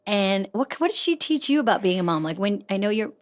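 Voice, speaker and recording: A woman's voice: mid-range voice, sing-song, fairly quick. Chatty woman host in her 50s. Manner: warm, affirming, laughs often and chimes in. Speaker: podcast host. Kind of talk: casual interview chat.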